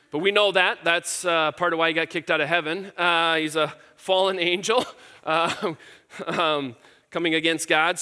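A man's voice: high-pitched, sharp tone, smooth. A middle-aged man preaching a casual, earnest sermon, with fillers and repeated words as he explains scripture. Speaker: pastor. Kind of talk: conversational sermon.

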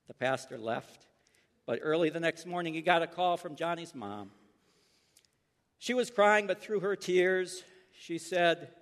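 A man preaching a sermon and telling a story, swinging from loud bursts to hushed endings. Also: a little high, normal speed. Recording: long hall reverb.

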